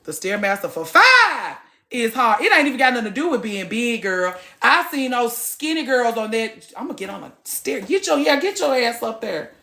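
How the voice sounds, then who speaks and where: Animated woman in her late thirties, chatting. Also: a little high, normal speed. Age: late 30s. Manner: animated, loud and soft by turns, swearing freely. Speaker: vlogger. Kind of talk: casual chat to camera. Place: gym.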